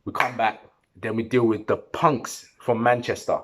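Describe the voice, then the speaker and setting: A man's voice: mid-range voice, normal speed. A man giving a heated, slangy post-match football reaction, talking to the camera. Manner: animated, heated, slangy and repetitive. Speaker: football fan vlogger.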